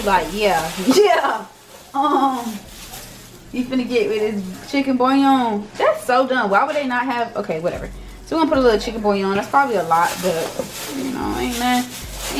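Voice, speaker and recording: A young woman chatting casually and teasingly while she cooks for her channel. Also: on the high side. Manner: playful, teasing, slangy. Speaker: cooking vlogger. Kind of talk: casual cooking chat.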